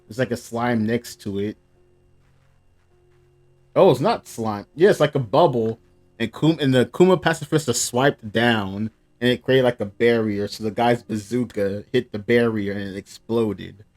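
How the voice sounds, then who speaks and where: Male reaction host, mid-pitched, chatty panel-by-panel reading, soft music under. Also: unhurried. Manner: reads panels aloud between casual comments. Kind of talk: casual live reaction.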